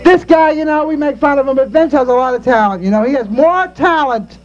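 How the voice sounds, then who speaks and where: High-voiced man emceeing a backyard talent show. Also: a little fast, muffled recording. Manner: joking, ribbing the performers. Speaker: host and emcee. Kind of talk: introducing talent show acts. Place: backyard party outdoors.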